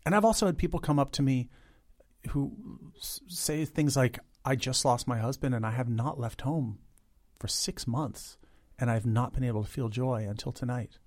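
A man in his fifties, a guest in an interview, talking in an animated, chatty way and imitating instruments with his voice. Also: medium pitch, moderate pace. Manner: chatty, many "like" fillers. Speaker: guest, a cappella arranger. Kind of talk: interview conversation.

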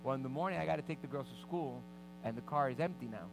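A man's voice: mid-range voice, fast, gravelly, noisy background, natural voice. A man voicing his wife's pointed, nagging remarks. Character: wife, woman, calm and pointedly nagging.

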